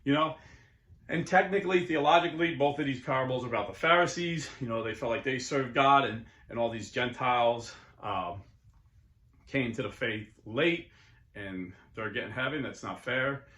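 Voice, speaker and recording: A man's voice: mid-range voice, moderate pace, a bit bright. Middle-aged man, casual monologue, earnest and conversational, preachy at times, echoey room. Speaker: YouTube host and Catholic convert.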